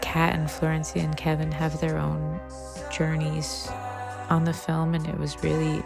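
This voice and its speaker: A woman director talks slowly and warmly through a makeshift podcast intro, rambling with fillers. Her voice sits low and flat, with a heavy gravelly fry. Music plays clearly behind her. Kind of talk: casual spoken introduction.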